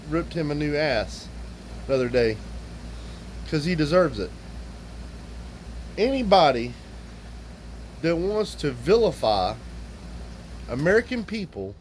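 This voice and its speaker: Man, vlogger rant, blunt and profane, fairly high voice, pitch jumping around. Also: slight background noise, rough recording. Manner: blunt, profane, addresses viewers directly. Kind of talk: casual ranting monologue to viewers.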